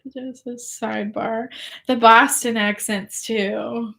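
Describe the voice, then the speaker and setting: An online seller livestreams, a young Englishwoman with no hint of an English accent who chats casually, laughs a lot, and responds to viewer comments. Her fairly bright voice is a little high and gravelly, steady in tone, and she takes things slowly.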